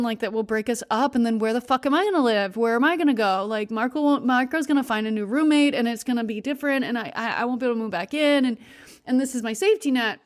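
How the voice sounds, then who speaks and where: A woman's voice: on the high side, no room sound, studio quality. A young adult woman hosting a podcast, telling a personal story candidly and confessionally, laughing between words. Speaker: podcast host.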